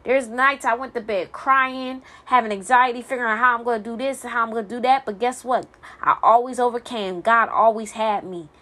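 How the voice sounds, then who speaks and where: A woman's voice: fairly high pitch, fairly even intonation, a little fast, bright, forceful tone. A single mother venting in a blunt, profane monologue, stumbling and repeating words when heated.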